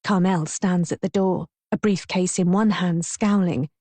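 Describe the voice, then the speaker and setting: A woman's voice: lowish voice, fairly even intonation, measured pace, warm tone, no echo. A woman narrating a first-person audiobook in a wry, mocking tone.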